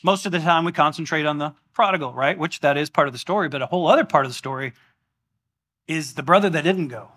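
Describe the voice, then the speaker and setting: A man preaching a sermon in a church, animated and exclamatory in a conversational way. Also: a little high, quick pace, breathy edge. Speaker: pastor.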